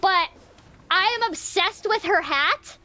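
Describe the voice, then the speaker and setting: A young woman guesting on a live stream, telling stories in a bubbly, rapid way. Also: extremely high pitch, pushed and bright. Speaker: voice actress guest. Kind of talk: casual live-stream chat.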